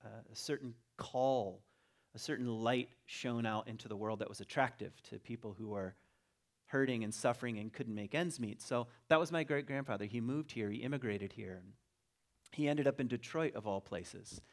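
A middle-aged man giving a relaxed, conversational talk, telling a family story with frequent restarts and fillers. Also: mid-range voice, moderate pace. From Virginia.

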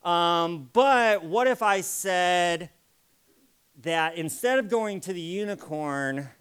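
A man gives an interactive live presentation, demonstrating how tone changes meaning by acting out sample phrases for the audience. His voice is on the high side, smooth, with a fairly bright tone.

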